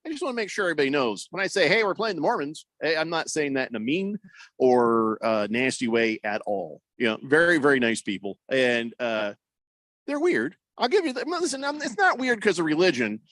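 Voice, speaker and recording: A man's voice: mid-range voice, big pitch swings, fairly quick, a bit bright, no room sound. Man, sports talk radio host, rambling, joking, filler-heavy, dry close mic.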